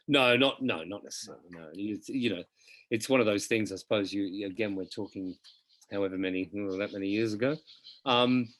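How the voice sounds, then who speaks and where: A middle-aged singer in a casual interview, telling chatty, animated anecdotes about his career. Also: on the low side, brisk, no echo. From Australia. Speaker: interview guest, musical theatre singer.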